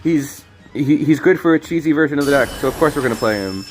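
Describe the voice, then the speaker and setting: A man's voice: on the high side, fast, faint music behind. Rambling, jokey male streamer. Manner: rambling, jokey, self-deprecating. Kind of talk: casual gameplay commentary.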